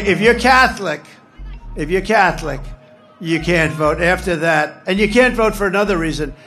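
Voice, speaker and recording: A man with a high voice speaks into a stage microphone at a rally. He rambles off the cuff and hammers his points by repeating short phrases, while faint music plays behind him. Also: fairly bright tone. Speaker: political candidate speaking at a rally. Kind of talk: campaign rally speech.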